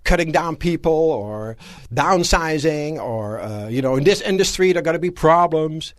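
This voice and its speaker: Man, seminar speaker, animated rhetorical questions, very lively pitch, live audience room. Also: moderate pace, no room sound, clean studio sound. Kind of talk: live motivational seminar lecture.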